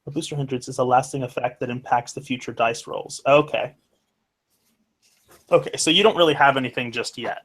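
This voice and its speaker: A young man running a tabletop game, talking casually and pausing often with fillers and restarts. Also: mid-range voice, steady tone, a bit bright. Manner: halting, many fillers and restarts. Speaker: game master.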